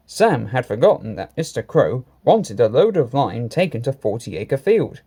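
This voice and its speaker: Lively, expressive male storyteller. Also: medium pitch, moderate pace, hardly any pauses, breathy edge. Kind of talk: storybook reading.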